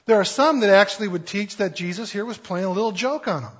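Man preaching, husky voice, slightly high, joking conversational delivery, muffled lo-fi sound. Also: quick pace, fairly bright tone. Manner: conversational, playful, acts out quotes with jokes. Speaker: pastor. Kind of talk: sermon.

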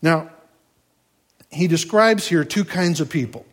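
A man's voice: a little high, expressive, measured pace. A man preaching a sermon in a conversational, folksy way, with asides and rhetorical questions. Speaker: pastor.

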